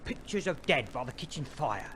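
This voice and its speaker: An actor playing a brash young fixer in an old radio play, cheeky and fast-talking with plenty of slang. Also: male voice, medium pitch, sing-song, a bit bright, a little hiss or hum. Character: brash young Cockney fixer, bossy and breezy. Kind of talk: 1950s radio play acting.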